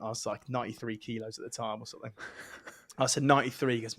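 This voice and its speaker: A man in his thirties, the guest on a casual podcast, telling animated anecdotes and acting out the people in them. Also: medium pitch, fast talker, no room sound, studio quality. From England. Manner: animated anecdote teller, acts out quoted voices. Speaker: guest, former England scrum-half.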